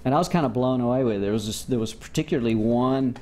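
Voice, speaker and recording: A man's voice: medium pitch, fast, a little mellow. A man from the States, a former musician telling loose, rambling stories as an interview guest. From Southern United States. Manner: rambling, loose, lots of "you know" and "like". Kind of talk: casual storytelling.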